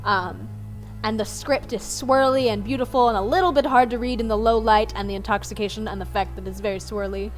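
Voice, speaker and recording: A woman's voice: fairly high pitch, steady tone, fairly quick, faint music behind. A woman narrating as game master in a casual, chatty way with plenty of ums.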